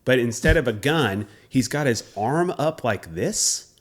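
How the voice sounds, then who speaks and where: A man in his forties co-hosting a podcast, telling stories in a casual, animated way and swearing freely. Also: mid-range voice, unhurried. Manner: animated storyteller who swears freely and acts out quotes. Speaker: podcast co-host. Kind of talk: casual storytelling chat.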